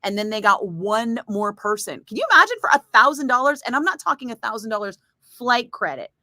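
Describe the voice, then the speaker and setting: Bright-voiced woman, chatty storyteller. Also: on the high side, big pitch swings, brisk, dry recording, studio quality. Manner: chatty storyteller, swears freely, acts out voices. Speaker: radio DJ chatting with livestream viewers. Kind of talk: casual chat.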